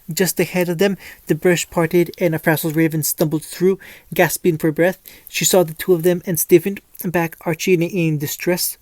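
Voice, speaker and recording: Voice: medium pitch, darkish tone, no echo. A narrator reading a fan-fiction story aloud, with frequent stumbles and restarts. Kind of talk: storytelling reading with light character voices.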